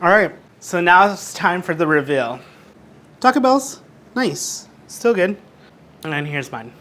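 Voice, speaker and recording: A man's voice: high-pitched, lively intonation, unhurried, bright, forceful tone, slight background noise. A man hosting a casual cooking vlog at home, a bit drunk, swearing loosely and ranting at his camera. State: tipsy from drinking. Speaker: cooking show host.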